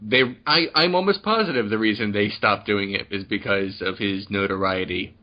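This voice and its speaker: A man's voice: fairly low pitch, moderate pace, dull audio. A man co-hosting a podcast, rambling through crude jokes with stammered restarts in casual chat. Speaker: podcast co-host.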